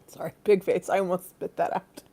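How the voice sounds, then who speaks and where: A woman's voice: fairly low pitch, little pitch movement, normal speed, mellow, slightly rough. Giggly, irreverent woman livestreamer. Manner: giggly, irreverent, breaks into shrieking laughter. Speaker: livestream host. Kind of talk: bawdy comedic livestream chat.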